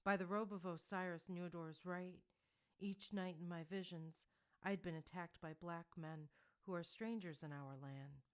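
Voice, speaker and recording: A woman's voice: on the low side, fairly even intonation, normal speed, clean tone, lightly acted. A woman reading the lines of a proud ancient Egyptian king who speaks formally and with command. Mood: regal.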